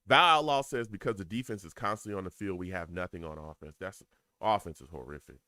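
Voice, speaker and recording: A man's voice: deep voice, fast, no room sound, studio quality. A man with a New York accent doing casual live commentary on a football game, laughing often and reading viewer comments aloud. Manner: animated, laughs a lot, reads chat aloud. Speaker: live game reaction streamer.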